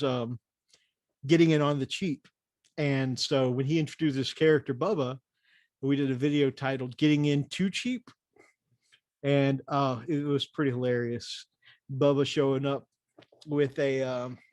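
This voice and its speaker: A man's voice: medium pitch, no room sound. Rambling male livestream host, dry sound. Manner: rambling, many fillers and restarts. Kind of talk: casual livestream chat.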